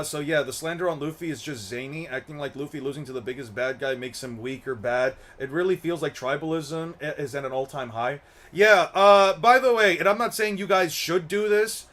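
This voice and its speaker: A young man with a fairly high, fairly bright voice hosts an anime commentary channel. In a casual opinion rant, he rambles, repeats words and swears.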